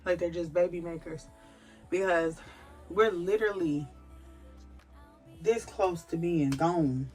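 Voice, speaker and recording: A pregnant woman and mother of a big family, talking to camera about faith in an emphatic, animated, storytelling way. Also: lowish voice, takes it slowly, long pauses, soft background music. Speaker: vlogger, mother of a large family. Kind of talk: candid faith-filled personal talk to camera.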